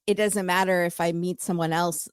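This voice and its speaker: A woman with a slightly low voice joins a podcast chat and works through her opinions aloud, full of hedges and little fillers. Her voice sits close and dry on the mic. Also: steady tone, normal speed, clean tone, no echo. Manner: thinks aloud, hedging with fillers and tentative takes. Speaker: podcast guest. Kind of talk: casual chat.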